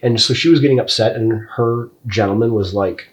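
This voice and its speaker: Animated and brisk, this medium-pitched male co-host swears freely and speaks bluntly on a relaxed podcast. His talk wanders off course as he goes off on tangents and loses track of his point.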